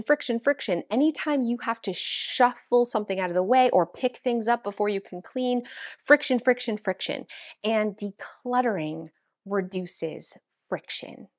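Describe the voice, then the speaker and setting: A woman's voice: mid-range voice, no room sound, clean studio sound. A middle-aged woman and home-organizing vlogger, chatting casually to the camera while sorting her clothes, self-mocking and talking to herself. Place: walk-in closet at home.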